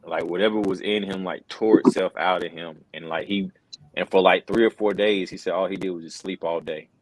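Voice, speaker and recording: A man's voice: low voice, steady tone, a little fast, dry recording, rough recording. A middle-aged wrestling commentator, telling an earnest personal story in a casual interview, full of fillers like "bro" and "man.".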